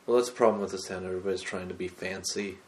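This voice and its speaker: A man's voice: low-pitched, steady tone, racing, crowd noise. A man co-hosting a casual gaming podcast, telling stories in an easygoing way. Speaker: podcast co-host.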